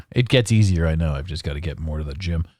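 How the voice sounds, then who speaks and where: A man's voice: very deep voice, lively intonation, fairly quick, mellow, no room sound, clean studio sound. A tired man in his forties from Canada, ranting sarcastically in a rambling solo podcast monologue. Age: 40s. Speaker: podcast host.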